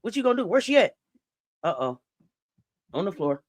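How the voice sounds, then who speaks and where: A woman hosting a live basketball watch-along, reacting out loud and talking straight to the players. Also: mid-range voice, big pitch swings, normal speed, dry recording. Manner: exclamatory, talks straight to the players. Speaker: sports watch-along host. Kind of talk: live game reaction commentary.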